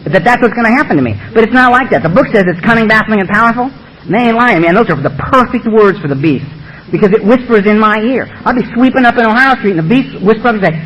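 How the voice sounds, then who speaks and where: A man's voice: sits high, expressive, quick pace, fairly bright tone, a little hiss or hum, low-quality recording. A man speaking at a recovery meeting, blunt, emphatic and humorous, with a lot of swearing. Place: meeting room.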